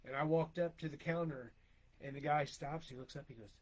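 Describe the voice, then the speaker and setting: Husky middle-aged man telling stories. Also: on the high side, brisk, low-quality recording. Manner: rambling, laughs often, acts out quoted lines. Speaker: podcast co-host, wrestler. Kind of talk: casual storytelling chat.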